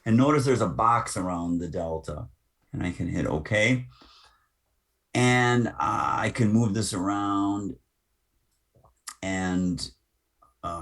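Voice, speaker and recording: Male instructor, unhurried and low, narrating a software tutorial step by step. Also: gravelly. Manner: unhurried, talks through each click with asides. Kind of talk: screen-recorded software tutorial.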